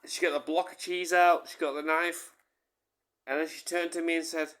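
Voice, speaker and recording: A man's voice: on the high side, level tone, normal speed, fairly bright tone. A man telling a rambling comic anecdote, swearing casually and often repeating and correcting himself. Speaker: storyteller.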